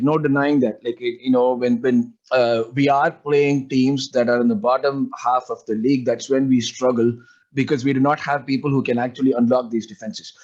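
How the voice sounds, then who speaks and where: A man in casual podcast chat, talking at a middle pitch and rambling with plenty of fillers. His voice comes through slightly dull and lo-fi, like a home podcast recording. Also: a little mellow. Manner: rambling, sprinkles fillers like "like, you know". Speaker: podcast co-host.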